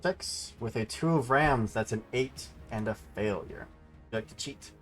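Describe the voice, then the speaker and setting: A man's voice: mid-range voice, measured pace, faint music behind. A man acting as game master, calling out rolls and damage in a matter-of-fact way. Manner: matter-of-fact rules calls. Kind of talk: running a tabletop game.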